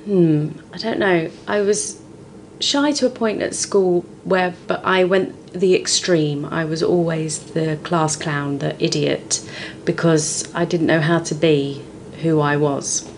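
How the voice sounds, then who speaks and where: A woman's voice: low voice, slow, hardly any pauses, a little hiss or hum. Frank storytelling woman in her forties. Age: 40s. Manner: frank, expressive storytelling with lively swings. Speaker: guest, comedian. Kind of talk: candid podcast conversation.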